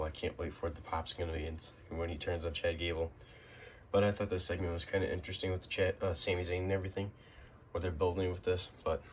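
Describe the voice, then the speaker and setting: A man with a deep, even, fairly monotone voice talks through a casual recap. He rambles and restarts his sentences, fills the gaps with "uh" and "um", and a faint hiss sits under him. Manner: rambling, many fillers and restarts. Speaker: wrestling recap host.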